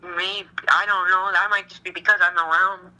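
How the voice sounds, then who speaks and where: A woman's voice: on the low side, level tone, normal speed, pushed and bright. A young woman on a recorded phone call, anxious and rambling, repeating herself and swearing casually. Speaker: caller.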